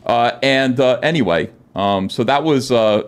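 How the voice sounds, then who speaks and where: A man's voice: mid-range voice, a little slow, clean tone. A middle-aged man, a guest comic artist, telling his story in a podcast interview, rambling with many "uh" fillers and acting out quoted dialogue. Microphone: studio podcast microphone.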